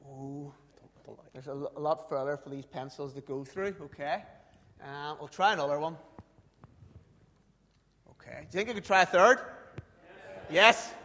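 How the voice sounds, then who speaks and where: A man's voice: a little high, moderate pace, long pauses, bright, forceful tone. A man preaching a sermon, chatty and often checking in with "okay?". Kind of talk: sermon with a live demonstration. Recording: long hall reverb.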